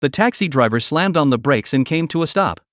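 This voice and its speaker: A man narrating a recap story in a scripted, lively storytelling manner. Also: a little high, a little fast, no echo, clean studio sound.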